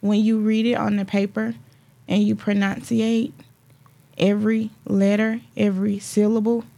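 A woman's voice: mid-range voice, flat delivery, normal speed, gravelly, dark tone. A woman co-hosting a casual podcast, plainly explaining her view. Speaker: podcast co-host.

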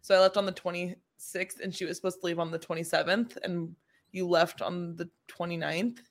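A young woman in her twenties, a podcast co-host, chatting casually in a relaxed, laid-back way. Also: on the low side, brisk. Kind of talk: casual chat.

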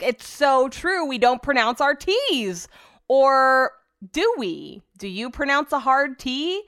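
A woman's voice: a little high, a bit bright. A woman with a Californian accent, hosting a podcast on her own in a rambling, chatty and profane way. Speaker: podcast host. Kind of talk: casual solo podcast chat.

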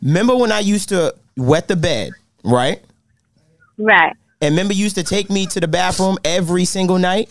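An older grandmother with a Southern US accent, giving short, soft-spoken answers on a phone call. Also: lowish voice, moderate pace, dry recording. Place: at home, heard over a phone on speaker. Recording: phone call with voices behind. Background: other people talking and laughing.

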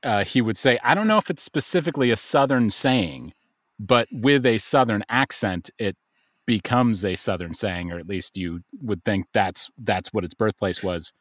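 A man telling stories in casual podcast chat, unhurried with many fillers. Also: on the low side, expressive, no room sound, clean studio sound. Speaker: podcast guest.

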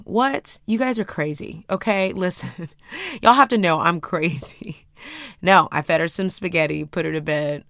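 A woman hosting a podcast, speaking. She tells her story in a dramatic, animated way, full of casual slang. Her voice sits fairly low and sounds close and dry, with no room sound. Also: clear, resonant tone, no echo. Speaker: podcast host.

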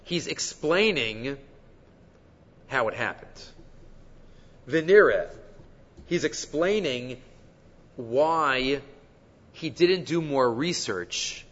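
A high-voiced man leads a Torah class, his pitch swinging widely as he asks question after question. His voice carries a long hall reverb and sounds a bit muffled, as if captured from across a big room. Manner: animated, mixes Hebrew quotes into English explanation. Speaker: Torah teacher.

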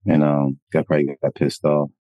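A man co-hosting a podcast, talking crudely and loudly, swearing and laughing as he jokes. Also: very deep voice, level tone, fairly quick, dry recording, highs cut off. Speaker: podcast co-host. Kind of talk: crude casual chat.

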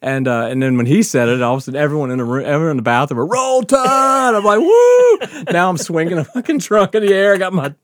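A man's voice: on the high side, very fast, few pauses, no echo, clean studio sound. A man, telling a rowdy story on his podcast, laughing often and swearing freely. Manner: animated, laughing often, profane. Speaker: podcast host telling stories. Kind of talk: casual storytelling.

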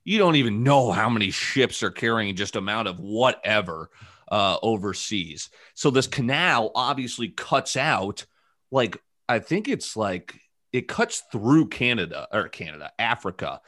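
Rambling podcast host with a low voice. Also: male voice, sing-song, measured pace, a bit bright, dry recording, studio quality. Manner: rambling, joking, many fillers. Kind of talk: casual podcast chat.

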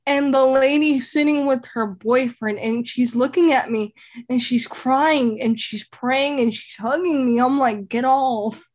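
A young woman telling stories as a guest in a casual interview, animated and emphatic. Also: high voice, unhurried.

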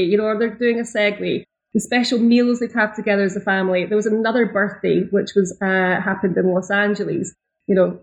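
A woman's voice: mid-range voice, low-quality recording. Chatty Scottish woman guest. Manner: chatty, restarts phrases, laughs easily. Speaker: guest, travel business owner. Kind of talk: conversational interview.

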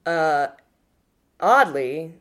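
Casting note: low-pitched woman co-host, animated casual political chat. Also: drawn-out words. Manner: animated, restarts and swears freely. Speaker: podcast co-host.

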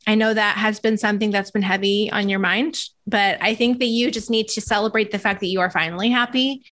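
A woman's voice: medium pitch, fairly even intonation, brisk, fairly bright tone. A woman in her thirties hosting a podcast, chatting casually with a close friend and laughing often. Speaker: podcast host. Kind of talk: casual chat.

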